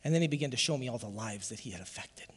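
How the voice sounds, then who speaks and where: A man preaching a sermon to his church, telling a personal testimony in an emotional, emphatic way that swells to loud emphasis. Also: mid-range voice, lively intonation, rapid-fire, slightly rough, long reverb tail. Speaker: pastor.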